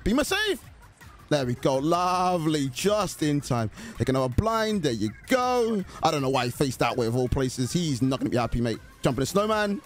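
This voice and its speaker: A young man giving excited live commentary on a horror game he is playing, chatting to his teammates and the killer. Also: on the high side, normal speed, soft background music. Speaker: gaming YouTuber.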